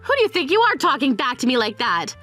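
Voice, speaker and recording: A greedy, scolding mother, as a synthetic woman's voice reads her. The voice sits high and flat-edged, with harsh insults. Faint music plays underneath. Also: fast talker, full character voice. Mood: furious. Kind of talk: text-to-speech text story.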